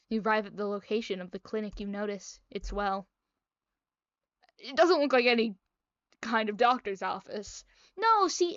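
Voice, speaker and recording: A young woman with a fairly high voice reads a visual novel aloud, breaking off into playful, self-mocking asides. The audio is dry and close with a slightly muffled sound, and faint music plays underneath. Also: no echo. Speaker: gaming video creator.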